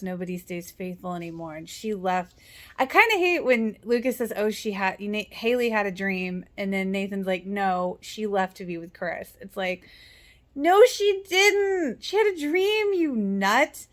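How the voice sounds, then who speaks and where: A young woman casually recapping a TV episode, sarcastic and chatty, acting out the characters' lines as she goes. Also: medium pitch. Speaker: TV show reaction vlogger.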